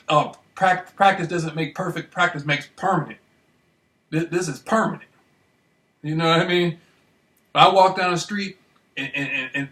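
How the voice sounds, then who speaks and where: A man talks straight to the camera in a rambling, excited monologue, circling back over the same points and asking again and again if you follow. His voice is bright and forceful. He is well away from the mic, in a room with a strong echo. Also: fairly high pitch, far from the mic. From Michigan, United States. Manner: excited, repetitive, keeps asking "you know what I mean". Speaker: vlogger. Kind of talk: rambling self-recorded monologue.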